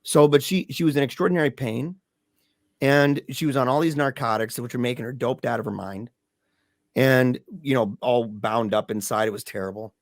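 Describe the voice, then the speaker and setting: A man's voice: mid-range voice, normal speed, dry recording. Guy telling a hard story on a podcast, super emphatic, keeps saying dude, dry close mic. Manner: emphatic, peppered with "dude" and "man". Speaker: podcast guest, grieving father. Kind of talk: casual emotional storytelling. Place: lives in Michigan.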